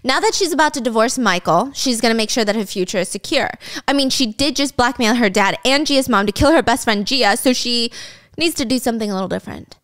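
A woman's voice: on the high side, animated, fairly quick, a bit bright. A woman casually recapping a drama story, chatty and sarcastic, with swearing and laughing asides.

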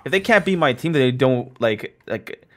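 A man's voice: medium pitch, animated, moderate pace. A young man chatting casually over his gameplay, joking and rambling as he plays. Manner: joking, rambling, self-mocking. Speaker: gaming streamer.

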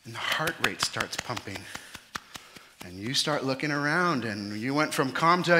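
A man preaching a sermon as pastor, lively, acting out the panicked disciples in quick voices. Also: mid-range voice. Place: church sanctuary. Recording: church hall with long reverb.

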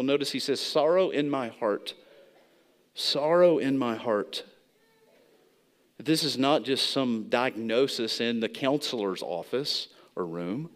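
A man preaching a sermon as pastor in a church, earnest and repeating key phrases for emphasis. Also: mid-range voice. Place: church sanctuary.

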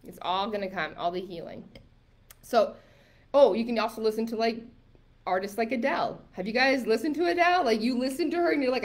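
A woman's voice: fairly high pitch, normal speed. A woman coaching a live online masterclass, chatty and emphatic, with many likes and rights, sometimes reading viewer comments aloud.

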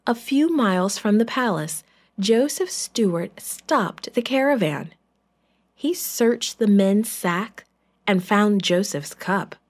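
A woman reads a Bible story aloud to children in a church. She speaks slowly and expressively, at an even, middle pitch.

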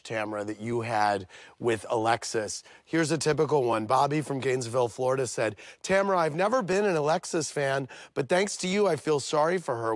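A man's voice: medium pitch, no room sound. A man hosting a televised reunion. He asks pointed, probing questions and reads out viewer comments in a mid-range voice. The sound is dry and close. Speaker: reunion show host.

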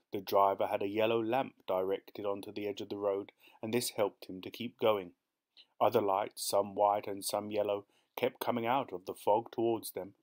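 Male narrator, low voice, reading a short story, measured and steady.

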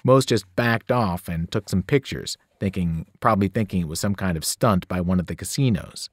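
A man, a teacher, reading a novel aloud with expressive storytelling. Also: deep voice, normal speed, no echo, studio quality.

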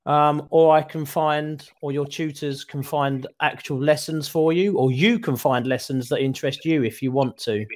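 Friendly male online English tutor on a video call, high-ish voice, restarts a lot. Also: steady tone, normal speed, hardly any pauses, a little mellow. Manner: friendly, explains options with many restarts. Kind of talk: casual tutoring chat.

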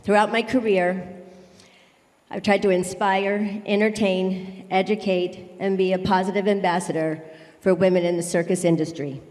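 A woman's voice: medium pitch, steady tone, normal speed, a little mellow, long reverb tail. A middle-aged woman giving a heartfelt, emotional award acceptance speech in a large circus tent.

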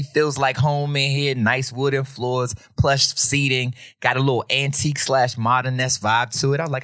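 A man's voice: medium pitch, unhurried, no echo, clean studio sound. A man hosting a podcast, telling a casual, slangy story and acting out the other people's voices. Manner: animated, slangy, acts out quoted voices. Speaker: podcast host.

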